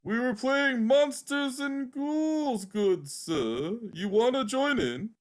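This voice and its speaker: A man's voice: very high-pitched, lively intonation, slow, pitched above the performer's own voice, full character voice. A man voicing a polite, formal little boy at play in a tabletop game. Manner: quaint and overly courteous. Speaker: game master voicing a non-player character.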